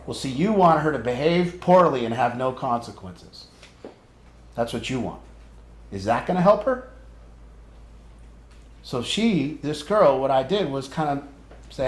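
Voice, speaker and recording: A man's voice: medium pitch, lively intonation, normal speed, long pauses, reverberant. A man leading a family group as an addiction counselor, frank and conversational, asking pointed questions.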